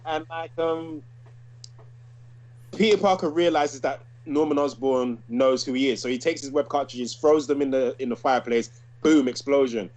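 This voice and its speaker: A man's voice: medium pitch, moderate pace. A man, co-hosting a casual chat and acting out quoted lines as he talks. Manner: animated, acts out quoted lines from a cartoon. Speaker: podcast co-host.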